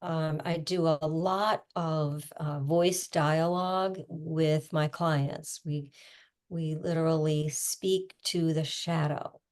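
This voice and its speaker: A middle-aged woman coach talking casually, explaining with everyday images and quick asides. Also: low-pitched, fairly even intonation, darkish tone. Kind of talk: casual conversational teaching.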